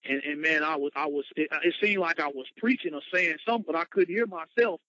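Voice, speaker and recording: A man's voice: a little high, fast, pushed and bright, no room sound. A man, a motivational speaker, telling his personal story with emphatic, dramatic retelling. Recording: dull lo-fi, dry sound.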